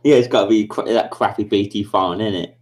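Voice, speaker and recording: A man's voice: lowish voice, steady tone, a little fast, a little mellow. A man hosting a casual livestream chat, sweary and blustering, often repeating himself. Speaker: livestream host.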